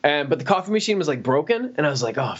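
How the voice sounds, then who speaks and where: A man's voice: sing-song, very fast, slightly rough. A man casually telling rambling work stories on a podcast, slipping into quoted voices. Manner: rambling, acts out quoted people in high voices. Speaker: podcast co-host. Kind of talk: casual storytelling chat. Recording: dull lo-fi podcast audio.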